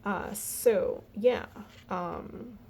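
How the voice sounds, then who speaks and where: A woman walking through her family budget in a casual, halting way, tired and yawning, with lots of fillers. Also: medium pitch, a little mellow, slight background noise. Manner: chatty, halting, many fillers and restarts. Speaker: budgeting vlogger.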